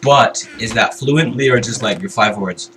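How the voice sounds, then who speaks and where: A man's voice: lowish voice, moderate pace, noisy background. A man co-hosting a gaming livestream who teases his friend in a dry way and laughs between lines. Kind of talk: casual gameplay chat.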